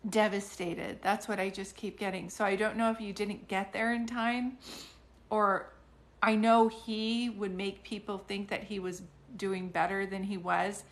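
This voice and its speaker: A woman's voice: medium pitch, little pitch movement, unhurried. Chatty woman medium, rambling restarts. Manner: chatty, rambling, many restarts and fillers, hums song snippets. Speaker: psychic medium doing live readings. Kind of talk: casual live-stream reading.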